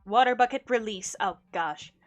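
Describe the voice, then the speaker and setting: Young female streamer, casual, self-deprecating, fairly high voice, light music bed. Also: moderate pace, lo-fi sound. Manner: chatty, self-mocking, hums little sound effects. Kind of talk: casual gameplay chat. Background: soft music.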